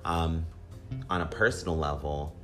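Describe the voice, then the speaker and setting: A very deep-voiced man hosts his own solo podcast at a measured pace, upbeat and rambling, repeating himself with fillers in a slightly whiny tone. It's a casual monologue, with guitar music playing underneath his voice.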